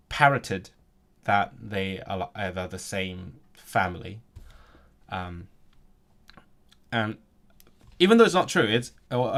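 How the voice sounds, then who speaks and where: Reacting to his chat on a laid-back language-learning stream, a young host with a lowish, fairly bright voice keeps restarting sentences. He attempts halting bits of Turkish and Welsh.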